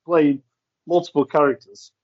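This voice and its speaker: A man's voice: fairly high pitch, steady tone, a little mellow, dull audio. A man co-hosting a podcast, chatting casually about a film and stumbling over his words. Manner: halting, repeats words, laughs easily. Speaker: podcast co-host. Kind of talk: casual film commentary chat.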